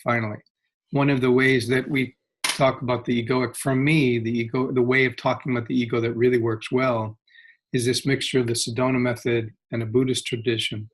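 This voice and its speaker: A man speaking as a guest, explaining ideas in a reflective, animated way and laughing often. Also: medium pitch, brisk. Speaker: guest, spiritual teacher.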